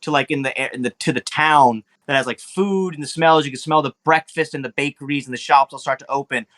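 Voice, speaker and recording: A man's voice: mid-range voice, quick pace, a bit bright. A man narrating a tabletop game as game master, loose and rambling with many fillers.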